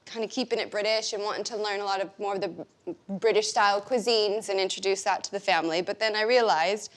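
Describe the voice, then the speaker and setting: A woman's voice: medium pitch, steady tone, quick pace. An American woman in her forties, chatting casually and laughing often as a guest cook in a kitchen. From United States. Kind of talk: casual chat while cooking.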